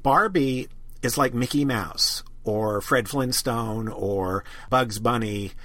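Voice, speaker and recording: A man hosts a podcast interview, putting long, winding questions to his guest with plain enthusiasm. His voice sits at an ordinary pitch for a man. The recording is dry and close. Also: slow pace, a bit bright, no echo. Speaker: podcast host.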